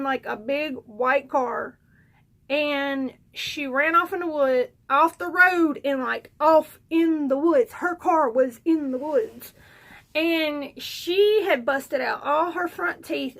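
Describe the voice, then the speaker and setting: A woman tells a story casually on her vlog, rambling and animated, with plenty of fillers. Her voice sits high, with a rough, gravelly fry. She sounds loose and chatty throughout. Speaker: vlogger.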